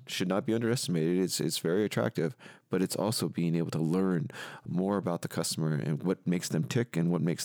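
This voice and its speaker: A man speaking as a guest expert in a podcast interview, explaining at length in a measured way. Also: sits low, darkish tone, no room sound, clean studio sound. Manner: measured, explanatory, often adds "if you will". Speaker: guest expert on retail technology.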